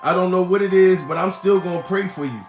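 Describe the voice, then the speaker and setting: Man with a high voice, comic livestream host, exaggerated rant with lots of laughing, roomy echo, faint music. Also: fast talker. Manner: laughs often, mock-crying and exaggerated. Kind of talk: profane comedic rant. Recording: echoey room.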